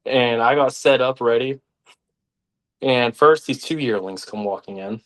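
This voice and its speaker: A young man, telling stories as a podcast guest in an animated way, sometimes acting out the voices of others. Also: mid-range voice, a little slow. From Arkansas, United States. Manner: animated, acts out quoted voices. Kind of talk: casual storytelling.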